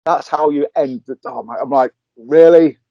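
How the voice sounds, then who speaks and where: A man's voice: medium pitch, steady tone, brisk, no echo. Chatty man on a dull, dry line. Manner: rambling, laughs often, retells scenes with quoted lines. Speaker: podcast co-host. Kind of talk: casual chat. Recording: dry, slightly dull remote call audio.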